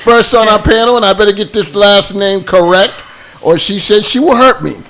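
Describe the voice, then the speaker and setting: A man's voice: high voice, normal speed, a bit bright. A man hosting a talk show panel, joking and bantering with his co-host.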